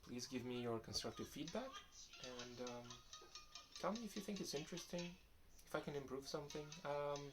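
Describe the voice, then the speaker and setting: A young man talks through viewer questions in a loose, candid vlog style, often restarting mid-sentence. His voice sits at an ordinary middle pitch, and music plays clearly underneath. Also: moderate pace. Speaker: vlogger answering viewer questions. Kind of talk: casual vlog talk.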